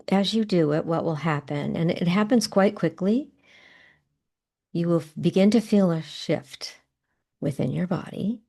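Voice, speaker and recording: A middle-aged woman coaching a guided tapping exercise, giving gentle, unhurried guidance with soft pauses. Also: lowish voice, gravelly.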